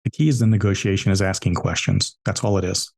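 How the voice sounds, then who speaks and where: Low-voiced man telling business stories. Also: fairly even intonation, quick pace, gravelly. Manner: emphatic, repeats key points. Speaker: entrepreneur guest. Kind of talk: storytelling interview answers.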